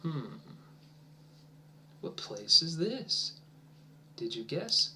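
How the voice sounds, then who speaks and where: Man, English teacher, encouraging, drawn-out speech, soft near-whispers while waiting, slightly high voice. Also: very animated. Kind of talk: demonstration lesson for language teachers.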